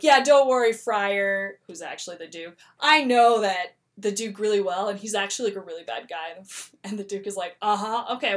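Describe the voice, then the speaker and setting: A young woman co-hosting a casual talk show, retelling a play with lively quoted voices for each character. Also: medium pitch. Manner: animated, acts out characters' lines in quick voices. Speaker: podcast co-host.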